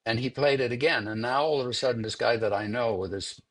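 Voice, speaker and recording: An older man who works as a film sound editor tells a story in an interview, unhurried and conversational, repeating words while he thinks. His voice is medium-pitched and a bit bright.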